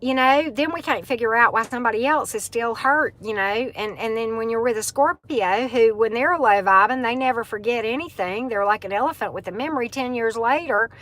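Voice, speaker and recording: A middle-aged woman, hosting a casual live chat with viewers. She talks in a chatty, animated way and laughs often. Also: a little high, fairly quick, hardly any pauses. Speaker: livestream host.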